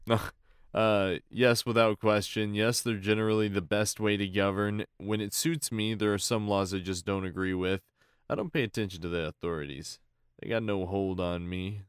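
A man's voice: on the low side, steady tone, moderate pace, clear, resonant tone, no room sound, clean studio sound. A man co-hosting a casual podcast, laid-back and swearing casually as he answers quiz questions. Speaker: podcast co-host. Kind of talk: casual chat.

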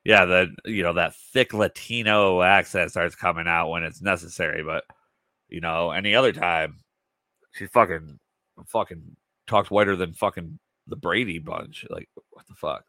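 A man's voice: deep voice, animated, moderate pace, bright, forceful tone, no room sound. A tired man hosting a podcast, reacting to clips with sarcastic, profane commentary. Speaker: podcast host.

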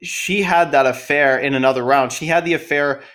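A man's voice: a little high, moderate pace, fairly bright tone. A man co-hosting a film podcast, casually and animatedly retelling scenes. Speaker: podcast co-host.

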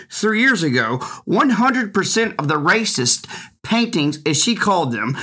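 A man delivers a political opinion monologue in an indignant, emphatic way. His voice sits a bit high, bright and forceful. He swings his pitch widely to drive each point home. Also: breathy edge. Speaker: political commentator.

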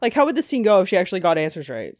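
A woman's voice: mid-range voice, very animated, rapid-fire, darkish tone, dry recording. A young woman co-hosting a podcast, chatting casually, swearing and sharing trivia. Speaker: podcast co-host. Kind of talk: casual chat. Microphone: close mic.

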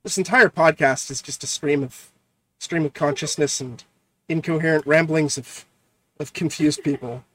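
A man co-hosting a casual podcast chat, excitable and profane, often stumbling and repeating words. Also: a little high, moderate pace, no room sound. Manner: excitable, swears a lot, stumbles over words. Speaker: podcast co-host.

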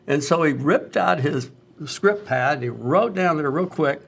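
A man's voice: fairly high pitch, a little slow, vocal fry, slightly rough. A middle-aged man, a doctor, telling stories in a casual conversation and acting out the voices of the people he quotes. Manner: animated storyteller, acts out quoted voices. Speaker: doctor, co-host.

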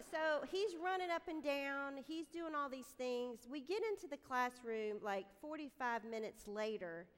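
A woman gives an animated devotional talk, telling stories against herself before moving into scripture. Her voice sits a little high. Her words ring out with long reverb in a large hall. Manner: animated, self-deprecating storyteller. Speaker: speaker at a women's gathering. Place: room with a live audience.

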